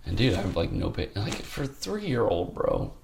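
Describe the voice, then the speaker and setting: A man's voice: on the low side, sing-song, normal speed, vocal fry, darkish tone, slight background noise. A man speaking as an interview guest, telling a candid personal story in a rambling, heartfelt way full of fillers.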